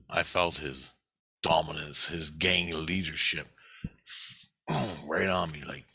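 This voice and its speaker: Low-voiced man, tense bright edge, dry close sound, profane rambling monologue. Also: vocal fry, husky, dry recording. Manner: profane, rambling, halting restarts. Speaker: storyteller recounting a dream.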